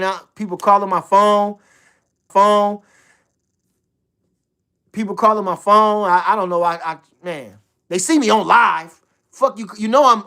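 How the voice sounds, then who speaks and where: A man's voice: high voice, a bit bright. A man hosting a casual livestream, hyped and repeating himself, swearing freely. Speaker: livestream host talking boxing.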